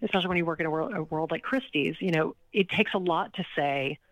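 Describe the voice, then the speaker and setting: A woman from Louisiana, a charity auctioneer, telling stories as a guest in a podcast interview with confident, animated delivery. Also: sits low, fast, dry recording, poor audio. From Louisiana, USA.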